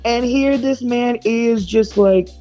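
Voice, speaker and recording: A woman musician telling a lively backstage story in a casual interview, laughing often as she goes. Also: on the high side, takes it slowly, lo-fi sound, faint music behind. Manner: animated, laughs often, acts out others' lines. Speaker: musician guest.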